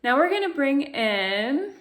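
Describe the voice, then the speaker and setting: Slow, soothing woman voice coach. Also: high voice, big pitch swings, a bit bright. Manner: slow, soothing, guiding instructions with sung vowel demonstrations. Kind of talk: guided vocal exercise lesson.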